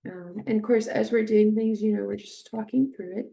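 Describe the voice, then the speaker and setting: A woman teaching a speech-therapy technique, speaking hesitantly with many fillers and slowly modeling short phrases with strong stress. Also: mid-range voice, fairly even intonation, vocal fry, dark tone. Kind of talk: instructional demonstration.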